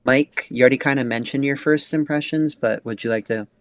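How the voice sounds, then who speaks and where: A man's voice: mid-range voice, brisk, fairly bright tone, dry recording. A young man hosting a casual podcast, asking loose questions with lots of fillers. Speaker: podcast host.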